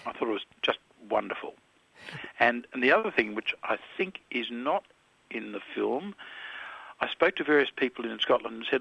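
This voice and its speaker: A man's voice: medium pitch, expressive, moderate pace, creaky, slightly rough, no echo, muffled recording. A man in his seventies with an Australian accent, a filmmaker answering interview questions thoughtfully, with hesitations and restarts. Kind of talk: reflective radio interview.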